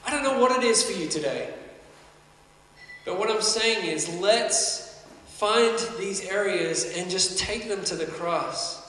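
A man's voice: high voice, slow, sharp tone. A man preaching a sermon, earnest and conversational, building emphasis as he goes. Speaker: pastor. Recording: echoey hall, mic at a distance.

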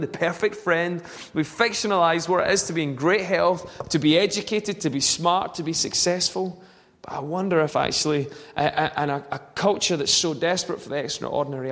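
Male pastor, high voice, earnest storyteller who restarts phrases, church hall with long reverb. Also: a bit bright. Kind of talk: sermon.

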